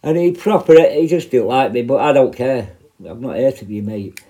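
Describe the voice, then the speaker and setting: Blunt British man, ex-prison officer, foul-mouthed storyteller with a dark, mellow tone and mid-range pitch. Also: animated, brisk. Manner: blunt, heavily profane, rambling with restarts. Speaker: former prison officer telling stories. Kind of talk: casual anecdote.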